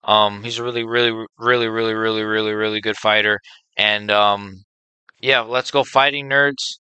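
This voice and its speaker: A man's voice: on the low side, steady tone, normal speed, sharp tone, clear, resonant tone, no echo. A man rambling through casual fight picks, swearing freely and filling gaps with um and like. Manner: rambling, profane, with many fillers; enthusiastic fan opinions. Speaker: MMA video host. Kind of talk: casual unscripted monologue.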